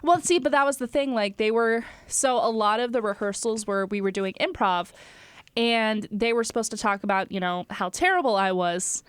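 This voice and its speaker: A woman's voice: fairly high pitch, moderate pace, clear, resonant tone, no echo, studio quality. A young woman co-hosting a podcast, telling stories in casual chat with lots of fillers and laughter. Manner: chatty storytelling, laughs often, many fillers. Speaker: podcast co-host.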